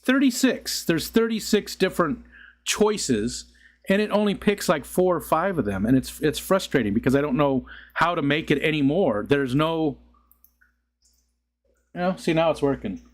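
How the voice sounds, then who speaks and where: A man's voice: on the high side, lively intonation, normal speed. A middle-aged man hosting a casual live stream, rambling and chuckling as he talks to his chat. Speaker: livestream host.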